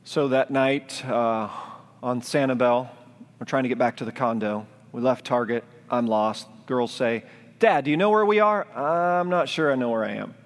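A man preaching a sermon as pastor, speaking in a gentle, reflective, pleading way. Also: mid-range voice, normal speed. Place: church sanctuary, live-streamed. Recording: long church-hall reverb.

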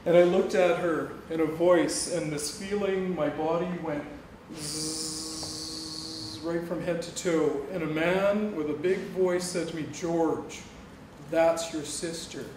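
This middle-aged guest speaker from Canada has a voice on the high side, with fairly even intonation and a slow pace. Addressing an audience in a campus lecture hall, he tells a personal story, voicing the dialogue and laughing often. It's a distant room recording, echoey and noisy.

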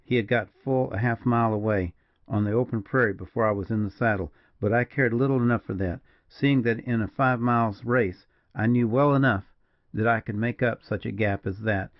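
A man's voice: medium pitch, no room sound, natural voice. A man as a mournful frontier major. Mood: grim. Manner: slow, mournful, measured. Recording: dull, dry lo-fi recording.

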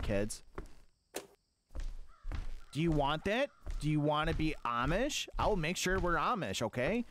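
Animated man playing a joking dad. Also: a little high, a little slow, slight background noise. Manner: mock-parental, scolding and sing-song. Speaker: gaming streamer. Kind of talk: comic role-play as a dad.

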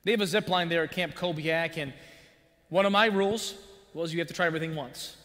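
A man preaching a sermon as pastor, telling a personal story in an animated way with buzzing sound effects. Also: fairly high pitch, brisk. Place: church sanctuary. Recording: long church-hall reverb.

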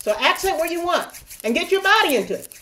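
A woman's voice: very high-pitched, expressive, fast, pushed and bright, slight background noise. A woman leading a body percussion lesson over a video call, playful and coaxing, counting and chanting rhythms aloud. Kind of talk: live online teaching. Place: home room on a video call.

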